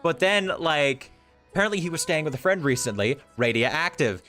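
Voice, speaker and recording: A man's voice: a little high, lively intonation, brisk, pushed and bright. A man streaming and chatting casually, rambling with lots of fillers. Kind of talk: casual chat. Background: faint music.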